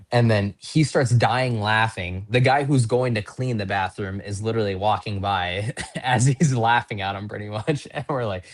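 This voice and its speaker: A man's voice: fairly low pitch, normal speed. A man from North Dakota, a pro wrestler and podcast guest, telling casual stories in a chatty, rambling, self-deprecating way. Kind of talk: casual storytelling in an interview.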